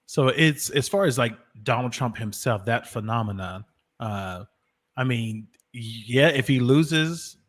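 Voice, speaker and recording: A man's voice: medium pitch, lively intonation, a little slow. A man on a livestream panel who talks wryly and hedges with frequent fillers. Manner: wry, hedging with fillers. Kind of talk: casual livestream panel chat.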